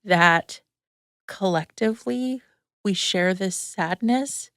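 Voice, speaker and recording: A woman's voice: mid-range voice, takes it slowly, a bit bright, dry recording, clean studio sound. Frank, swearing woman podcast host. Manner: frank, swears freely, many fillers; emotional, tearful retelling. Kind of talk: candid personal storytelling chat.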